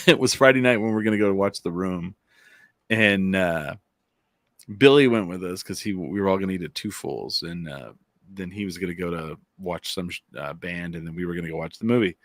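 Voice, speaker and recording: Laughing, deep-voiced man telling stories. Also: fairly quick, no echo, clean studio sound. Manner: laughs often while telling stories, loose and profane. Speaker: podcast co-host. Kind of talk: casual storytelling chat.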